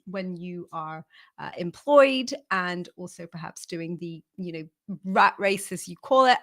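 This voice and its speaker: A woman's voice: on the low side, a bit bright. A woman co-hosting a live stream, speaking in an earnest, chatty way with some teasing. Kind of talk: casual live-stream chat.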